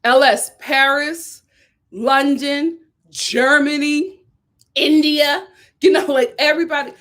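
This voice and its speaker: Woman from Philly, live-stream host, casual and animated, quick to laugh. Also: high-pitched. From Philadelphia. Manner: chatty, animated, repeats herself, laughs often.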